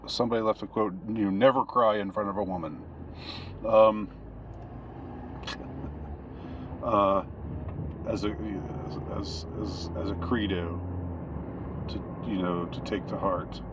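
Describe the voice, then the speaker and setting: A man speaking in a casual monologue from a car, halting and rambling with many restarts. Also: lowish voice. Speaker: commentator. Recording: dull lo-fi with steady noise.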